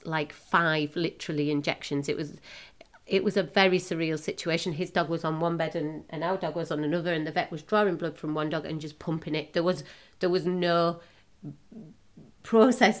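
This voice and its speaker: A middle-aged woman with a fairly low voice hosts a podcast. She tells a personal story with emotion, stopping and restarting haltingly.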